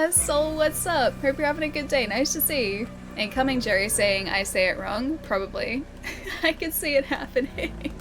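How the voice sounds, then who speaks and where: Over background music, an Australian woman streams a game and chats casually with viewers, giggling frequently and reading out and answering their chat. Her voice is high and animated, at a normal speed.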